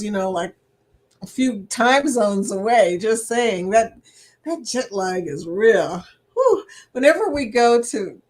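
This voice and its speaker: A middle-aged woman hosting a casual livestream chat, reading viewer comments aloud and laughing often as she talks. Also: medium pitch. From United States. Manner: laughs often, chatty and animated.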